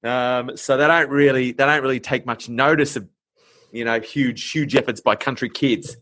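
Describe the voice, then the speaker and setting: A man's voice: mid-range voice, fairly even intonation, moderate pace, a bit bright. An Australian man hosting a podcast, telling a story in a chatty, laughing way with plenty of fillers. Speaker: podcast host. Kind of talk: casual storytelling chat.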